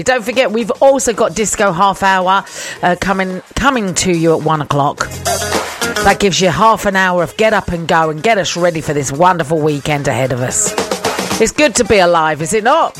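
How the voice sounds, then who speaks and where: A woman's voice: on the low side, animated, normal speed. An older woman hosting a local radio show, chatty, rambling and self-mocking, laughing often. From southern England. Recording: radio broadcast with music behind.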